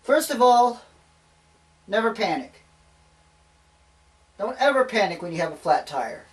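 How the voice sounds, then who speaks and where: A man's voice: high-pitched, very animated, a little slow, recorded from a distance, rough recording. A young man giving a demonstration speech to his class, talking in a folksy way with self-deprecating asides.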